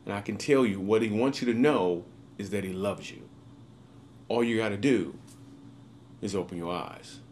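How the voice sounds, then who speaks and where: A man's voice: fairly low pitch, normal speed, long pauses, a little mellow, slight background noise. Casual, upbeat man telling a story. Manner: casual and upbeat, with slangy asides. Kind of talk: recorded video monologue.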